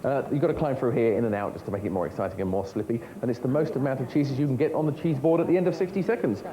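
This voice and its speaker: A man's voice: medium pitch, rapid-fire, a crowd in the background, rough recording. A man hosting a children's TV game show from a studio set, jokey and full of puns. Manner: jokey, punning, bouncy.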